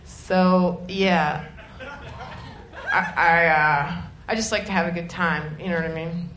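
A woman's voice: on the low side, steady tone, takes it slowly. Rambling sarcastic woman comic on stage. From Detroit area, Michigan. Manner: rambling, self-deprecating, sarcastic asides. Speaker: stand-up comedian. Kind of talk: stand-up comedy set. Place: comedy club stage. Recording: echoey club with ambient noise.

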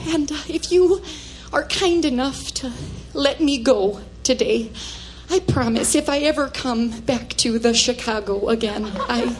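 Woman doing a prim flustered mother, high voice, slow delivery, folksy sayings, comedy character monologue. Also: natural voice. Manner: prudish, folksy, escalating into manic shouting.

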